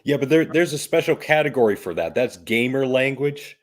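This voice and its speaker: A man's voice: mid-range voice, animated, moderate pace. A man co-hosting a casual podcast, making dry, wry asides in a laid-back way. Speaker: podcast co-host.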